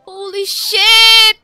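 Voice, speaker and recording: A woman streaming a game, laughing and swearing in breathless excitement. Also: very high voice, no room sound, clean studio sound. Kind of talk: excited gaming stream chat.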